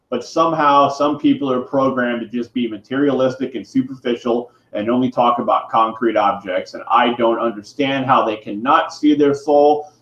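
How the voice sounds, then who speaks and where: A man delivering an irate, preachy monologue to camera, swearing for emphasis. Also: mid-range voice. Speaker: vlogger. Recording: roomy, dull lo-fi sound.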